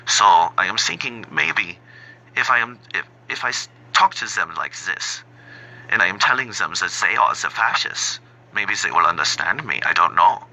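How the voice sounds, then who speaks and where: A man putting on a bumbling, halting German accent, playing an overly polite German man who keeps searching for his words. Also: deep voice, expressive, bright, forceful tone, full character voice, rough recording. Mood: mocking. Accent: put-on German.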